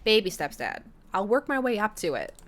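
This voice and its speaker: A woman's voice: medium pitch, big pitch swings, a little fast. A woman reading aloud the lines of a playful, affectionate teenage daughter from a dating game. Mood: teasing.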